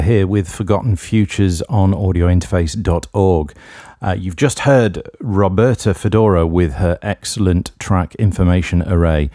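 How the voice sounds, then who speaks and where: Very deep, mellow-voiced male radio host. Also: dry recording, clean studio sound. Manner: self-deprecating, wry and rambling. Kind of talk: casual radio DJ links.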